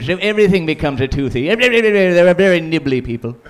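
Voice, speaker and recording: A man's voice: high-pitched, animated, a little fast. A man from Canada performing a crude, rambling stand-up set in a small comedy club, slipping into silly voices for bits.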